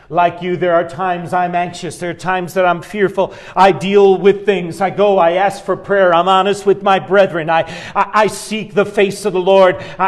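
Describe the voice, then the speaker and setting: A man preaching a sermon as pastor, talking to the congregation in a conversational way with asides and chuckles. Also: high voice.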